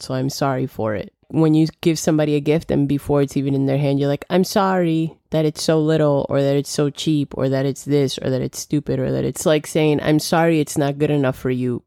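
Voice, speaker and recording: A woman's voice: deep voice, warm tone, dry recording, studio quality. A young woman hosting a solo podcast, chatting casually and acting out the dialogue of her stories. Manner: chatty storytelling, acts out quoted dialogue. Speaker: podcast host.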